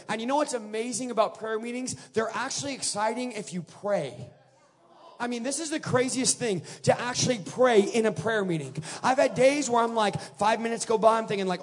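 A man preaching a revival sermon at a church service, swinging between shouted declarations and quiet conversational asides. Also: extremely high pitch, fairly quick. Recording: live hall with long reverb.

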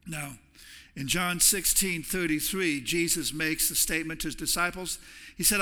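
A man preaching in a church sanctuary, his voice very bright, forceful and a little high. He talks in a conversational way, often repeating words as he restarts a thought. A long reverb from the large hall trails after every phrase. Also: normal speed. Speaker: pastor. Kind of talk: sermon.

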